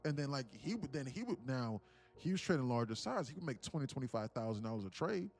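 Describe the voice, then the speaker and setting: A man's voice: medium pitch, sing-song, fast, a little mellow, soft background music. A man hosting a live day-trading stream, chatting casually and rambling, often repeating words as he talks to his viewers. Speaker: day-trading livestream host.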